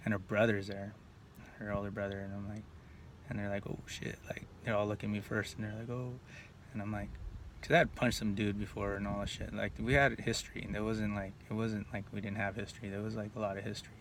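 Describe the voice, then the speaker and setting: A man's voice: fairly low pitch, level tone, quick pace, a bit bright. A man, rambling through a profane personal story in a casual monologue, full of "like" and restarts. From Northern California. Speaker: vlogger telling personal stories. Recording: distant mic with faint background noise.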